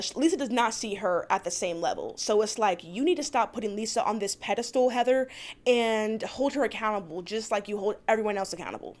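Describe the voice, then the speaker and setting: A woman vlogger recapping a reality TV episode in a casual, opinionated way, swearing freely. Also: fairly high pitch. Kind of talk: casual chat.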